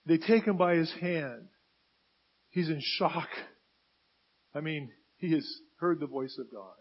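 Male preacher, high husky voice, emphatic sermon delivery, dull lo-fi sound. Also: slow pace. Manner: emphatic, rising to loud stressed bursts.

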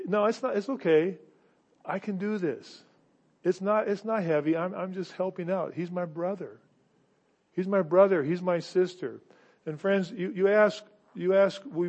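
A high-pitched man preaches a sermon, earnest and halting, tripping over repeated words before pressing his points home with emphasis. The recording sounds dull and lo-fi. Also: darkish tone. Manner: earnest, stumbling restarts, swells to emphatic exhortation. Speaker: pastor.

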